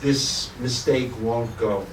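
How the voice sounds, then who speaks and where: A man's voice: mid-range voice, slow pace, slight background noise. A man who teaches spirituality, telling a parable with playful humor to a small audience. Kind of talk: storytelling talk to a small audience. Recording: roomy echo, distant mic.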